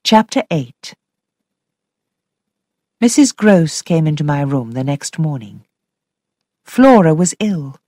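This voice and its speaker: Slow, expressive woman storyteller. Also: low-pitched, no echo, clean studio sound. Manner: expressive, slow, sometimes whispered. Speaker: audiobook reader. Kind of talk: storybook narration.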